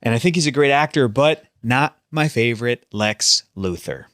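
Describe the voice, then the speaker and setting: A man co-hosting a film review podcast in casual chat, animated and slipping into exaggerated voices. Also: mid-range voice, normal speed, dry recording, clean studio sound. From United States.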